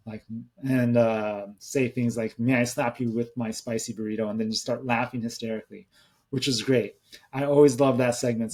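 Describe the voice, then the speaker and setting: A man's voice: mid-range voice, darkish tone. A man in his thirties hosting a podcast, chatting casually in a rambling way, often restarting his sentences. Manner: rambling, conversational, with many restarts. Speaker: podcast host. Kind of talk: casual solo podcast talk.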